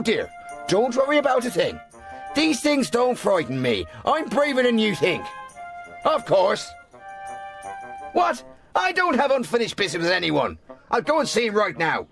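A man's voice: very high-pitched, very animated, moderate pace, pauses often, fairly bright tone, soft background music, exaggerated voice. An actor dubbing an anxious man who soothes and reassures the person he talks to while hiding his own troubles. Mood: reassuring. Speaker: shopkeeper. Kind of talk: dubbed film dialogue.

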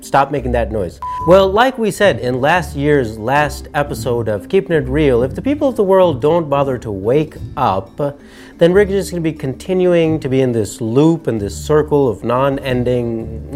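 A man's voice: mid-range voice, expressive, moderate pace, darkish tone, soft background music. A man hosting a year-end commentary show, wry and sermonizing with jokey asides. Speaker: show host.

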